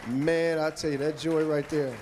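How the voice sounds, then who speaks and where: A man's voice: fairly high pitch, steady tone, normal speed, noisy background. A man giving a heartfelt, rambling Hall of Fame acceptance speech, thanking people one by one.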